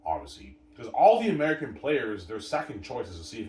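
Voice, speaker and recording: A man's voice: fairly low pitch, sing-song, brisk, hardly any pauses, a little mellow. A man giving an opinionated sports rant, insistent and repetitive, stumbling over restarts and leaning on the same stock phrases. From Canada. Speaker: vlogger. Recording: roomy, distant mic, faint background ambience.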